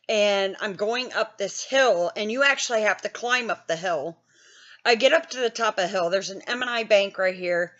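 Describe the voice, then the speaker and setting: An older woman from Wisconsin in the US hosts a gaming channel, speaking at medium pitch with a slightly bright tone over dull audio. She tells a casual story bluntly, mocking herself and swearing a lot.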